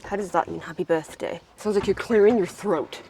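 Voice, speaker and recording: A young American woman who vlogs about farm life chats playfully with her sibling inside a vehicle, giggling as they go. Her voice is lowish and a little fast, with crowd noise in the background.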